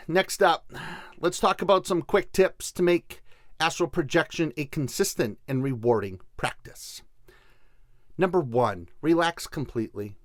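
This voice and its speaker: A man hosting a podcast, telling stories in an animated, conversational way and acting out the quotes. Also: mid-range voice, dry recording. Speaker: podcast host. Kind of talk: podcast storytelling.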